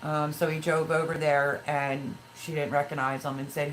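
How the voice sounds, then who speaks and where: A woman in her fifties hosts a casual livestream in a low-pitched, level voice at normal speed, over slight background noise in a rough recording. She's chatty, reads viewer comments aloud, and tells personal stories with feeling.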